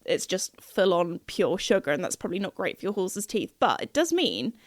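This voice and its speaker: A woman's voice: on the low side, very animated, normal speed, dry recording, studio quality. A young woman hosting a podcast in a casual chat, rambling with lots of fillers and giggles. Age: young adult. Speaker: podcast host.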